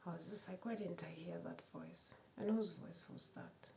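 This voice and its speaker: A woman with a low, gravelly voice tells her own testimony. Her tone is dark and mellow, and she repeats phrases and often sinks to a hushed whisper. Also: moderate pace, hardly any pauses, a little hiss or hum. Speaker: storyteller sharing a personal testimony. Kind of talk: emotional personal testimony.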